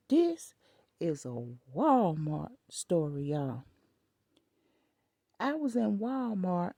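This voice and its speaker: Older woman, gravelly mellow voice, fiery storytelling, dry close sound. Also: mid-range voice, dry recording. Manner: emphatic, scolding, addresses viewers as y'all. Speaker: vlogger. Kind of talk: animated storytelling to viewers.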